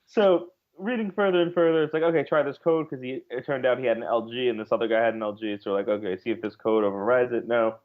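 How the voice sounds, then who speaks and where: A man's voice: mid-range voice, steady tone, quick pace, hardly any pauses, narrow, tinny audio. A man co-hosting a comedy podcast who laughs often and drops wry quips. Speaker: podcast co-host. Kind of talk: casual comedic chat.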